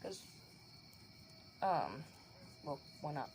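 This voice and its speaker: A woman's voice: sits low, sing-song, very slow, darkish tone, slight background noise. A woman improvising and narrating a fan anime story aloud, rambling with fillers and restarts.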